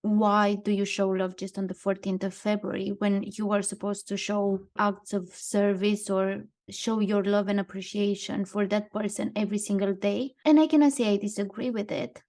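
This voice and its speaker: A woman's voice: medium pitch, flat delivery, moderate pace, few pauses, darkish tone. A woman co-hosting a casual podcast, talking through things she has read in a thoughtful way. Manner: thoughtful, reads out quotes and card lines. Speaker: podcast co-host. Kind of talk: casual podcast chat, partly read from notes.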